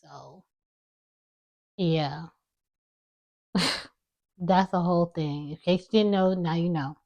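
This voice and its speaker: Soft-spoken young woman, mumbling low. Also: slow pace, gravelly. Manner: low, mumbling speech with a slight lisp. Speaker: vlogger. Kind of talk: casual personal storytelling to camera.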